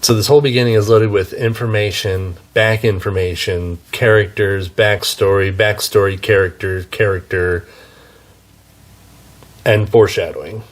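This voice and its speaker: A man's voice: fairly low pitch, fairly even intonation, normal speed. A man reviewing books in a casual, chatty way, with wry asides and frequent self-corrections. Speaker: book reviewer. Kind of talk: casual book review talk.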